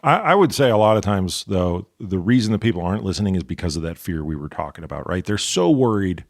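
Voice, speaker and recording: Man, lowish voice, dry close sound, podcast host, thinks out loud. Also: big pitch swings, quick pace, dry recording. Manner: thoughtful, builds ideas, then checks them with questions. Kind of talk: casual interview chat.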